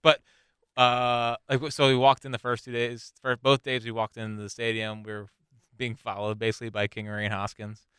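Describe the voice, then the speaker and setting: Young man, bright and smooth voice, dry close sound, casual rambling storytelling. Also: mid-range voice, little pitch movement, fairly quick, no room sound. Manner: rambling, restarts, laughs often. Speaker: podcast co-host.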